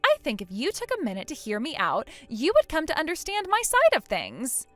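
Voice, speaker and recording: A snide young woman sneers and snickers in a high, bouncy voice. Her taunts swing up and down, recorded dry and close with faint music underneath. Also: wildly swooping pitch, fairly quick, a bit bright, no echo, exaggerated voice. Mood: pleading. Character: mocking spiteful young woman, the groom's sister. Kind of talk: text-message story voice acting.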